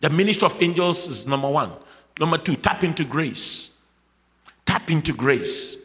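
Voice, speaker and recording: A man preaching a sermon emphatically, repeating key phrases and building to shouts. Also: fairly high pitch, expressive, normal speed, husky. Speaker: pastor. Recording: long reverb of a large hall.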